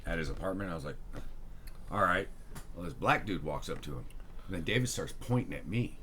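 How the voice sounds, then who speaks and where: A man co-hosting a podcast, telling a profane story about a coworker in a relaxed, casual way. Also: fairly quick, slight background noise. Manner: laid-back, profane, lively pitch.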